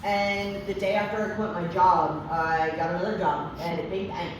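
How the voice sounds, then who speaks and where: A woman's voice: fairly low pitch, steady tone, normal speed, noisy background. A young adult woman candidly telling her recovery story to a group, swearing freely and using many fillers. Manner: candid and profane, frequent fillers. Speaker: recovery meeting speaker. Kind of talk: personal testimony to a group. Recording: echoey room, distant mic.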